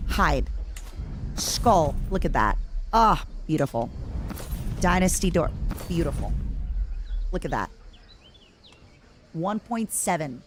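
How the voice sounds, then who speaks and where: A woman VTuber streaming a strategy game, chatting casually and playfully pleading with the game as she plays. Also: on the low side. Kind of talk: casual live gameplay commentary.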